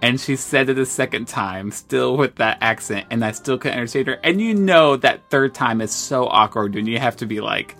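An American man co-hosting a podcast, telling stories in an animated, self-deprecating way. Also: medium pitch, moderate pace, hardly any pauses, soft background music. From United States. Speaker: podcast co-host. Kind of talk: casual storytelling chat.

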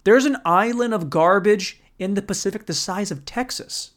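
Man, stand-up comic, profane, rambling, bro-ish, somewhat high voice. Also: moderate pace, fairly bright tone. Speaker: stand-up comedian. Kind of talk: stand-up storytelling.

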